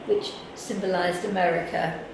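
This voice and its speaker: A woman with an English accent giving a workshop talk, telling lively stories and acting out what other people said. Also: lowish voice, normal speed. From England. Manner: lively anecdotal, acts out quoted people. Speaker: workshop speaker. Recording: echoey hall, mic far off, faint noise.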